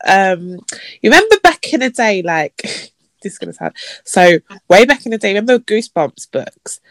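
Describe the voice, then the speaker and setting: A woman chats on a podcast and tells stories at length, now and then putting on a mocking voice to act out messages. The sound is dry and close to the mic, and her pitch sits in the middle. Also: big pitch swings, normal speed, no room sound. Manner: chatty and storytelling, acts out messages in a mocking high voice. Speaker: podcast co-host. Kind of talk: casual chat.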